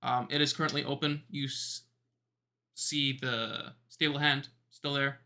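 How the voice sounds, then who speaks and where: A man runs a tabletop game, describing scenes for his players in a bright, fairly forward voice. He talks haltingly, stopping often to search for words. He is recorded on a mic over a voice call. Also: mid-range voice, little pitch movement. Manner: hesitant, many ums and pauses. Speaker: game master.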